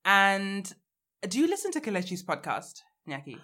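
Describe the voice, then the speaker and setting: A woman co-hosting a podcast in casual chat, animated and teasing, with quick bursts. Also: medium pitch. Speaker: podcast co-host.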